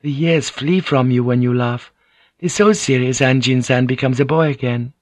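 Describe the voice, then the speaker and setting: A man reading an audiobook, voicing a gracious young Japanese noblewoman who speaks calmly in formal, measured phrases. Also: mid-range voice, no room sound, voice pushed up, close to an everyday voice. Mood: calm, gentle.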